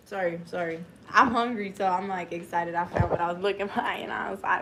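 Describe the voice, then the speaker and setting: A young woman, livestreaming from her home kitchen, loud and animated, swearing as she rambles. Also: mid-range voice, brisk, hardly any pauses, a little hiss or hum. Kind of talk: casual live stream chat.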